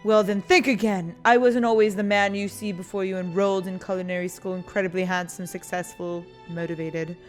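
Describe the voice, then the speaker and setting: A woman's voice: medium pitch, fairly even intonation, brisk, hardly any pauses, faint music behind, natural voice. A woman reading the lines of an earnest older male chicken restaurateur from a dating game, in a solemn, storybook-like way. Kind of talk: reading game dialogue aloud.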